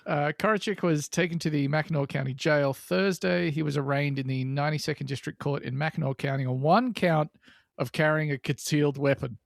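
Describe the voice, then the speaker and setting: Aussie guy rambling on a comedy podcast, bit high voice, laughs a lot, close dry mic. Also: brisk, creaky, no echo. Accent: Australian. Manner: rambling, self-mocking, laughs often. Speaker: podcast co-host. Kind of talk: casual comedic banter.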